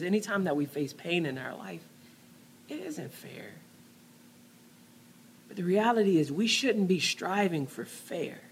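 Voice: mid-range voice, breathy edge. A pastor preaching a conversational sermon, often dropping to a near-whisper on key words.

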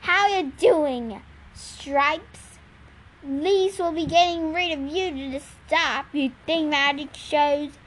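A woman reading aloud and voicing a mocking, cruel male trucker in a storybook scene, speaking loudly and tauntingly. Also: very high voice, expressive, slow, pitched above the performer's own voice, full character voice.

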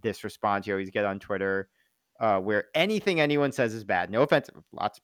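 A man's voice: lowish voice, brisk, fairly bright tone, smooth, no echo, clean studio sound. A man in casual podcast chat, rambling with many fillers and restarts. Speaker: podcast co-host.

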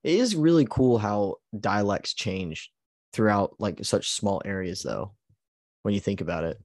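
Low voice guy podcast chat, lots of laughs and likes, dry sound. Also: animated, measured pace, a little mellow, no echo. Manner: laughs often, heavy use of "like". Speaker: podcast co-host. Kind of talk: casual chat.

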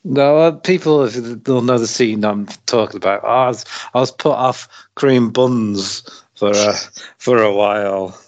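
A laid-back man from Britain co-hosts a podcast, laughing a lot as he chats. He talks at an unhurried, slow pace and drops casual British slang. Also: mid-range voice, muffled recording. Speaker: podcast co-host. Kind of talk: casual chat.

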